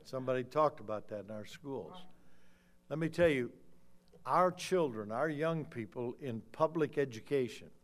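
An older man preaching a fiery sermon, swinging from low muttering to loud shouts. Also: animated, normal speed. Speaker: pastor.

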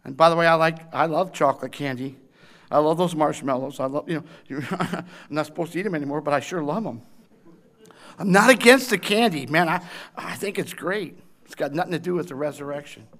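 A man preaching a sermon, with emphatic, repetitive phrasing that swings from shouted intensity to hushed tenderness. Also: a little high, fairly quick.

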